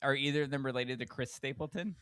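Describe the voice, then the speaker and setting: A teasing man co-hosting a casual podcast, laughing often as he nudges the talk along. His voice is bright and clear. The sound is close and dry. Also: mid-range voice, fast talker, dry recording. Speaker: podcast co-host. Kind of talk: casual chat.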